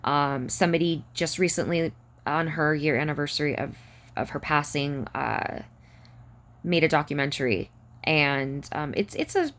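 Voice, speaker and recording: A woman speaks to her camera in a casual personal vlog. Her voice sits a little low, and she talks haltingly, near tears, stumbling through restarts and fillers. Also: fairly bright tone. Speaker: vlogger.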